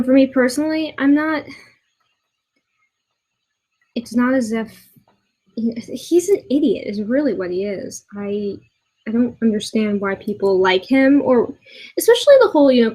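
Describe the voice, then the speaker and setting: A woman's voice: a little high, darkish tone, rough recording. A woman in her twenties ranting in a commentary video, exasperated and swearing, stumbling over restarts, at her boyfriend's house. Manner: exasperated, halting with many restarts, swears often. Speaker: vlogger.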